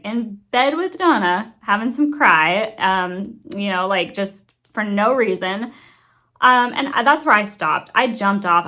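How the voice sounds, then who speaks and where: Woman ranting about a book she read, lots of "like" and "you know", annoyed but chatty. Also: medium pitch. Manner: animated, exasperated, lots of fillers and asides. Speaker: book reviewer. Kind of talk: casual chatty book review vlog.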